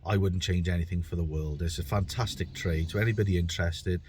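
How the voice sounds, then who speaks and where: A man's voice: sits low, fairly even intonation, quick pace, a little mellow, slight background noise. Chatty middle-aged British tradesman. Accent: British English. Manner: chatty, rambling, repeats words while thinking; self-deprecating. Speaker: bricklayer and podcast host. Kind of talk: casual podcast monologue.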